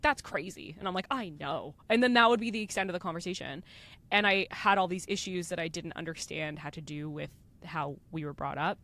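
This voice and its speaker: A woman co-hosting a casual podcast, expressive and quick to laugh. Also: on the low side. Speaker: podcast co-host.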